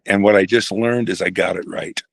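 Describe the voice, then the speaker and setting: An older man, a retired pastor, telling a personal story in a halting, reflective way with many restarts. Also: on the low side, steady tone, vocal fry, dry recording.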